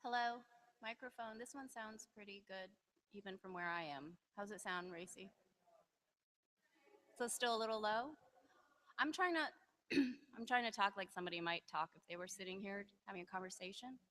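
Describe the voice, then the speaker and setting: A woman's voice: mid-range voice, fairly quick, fairly bright tone, poor audio. A woman doing a casual sound check, repeating test phrases and asking whether she can be heard.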